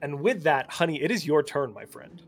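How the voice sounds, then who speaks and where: A man narrating a tabletop game as game master, relaxed and hesitant with many fillers. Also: on the high side, normal speed, faint music behind.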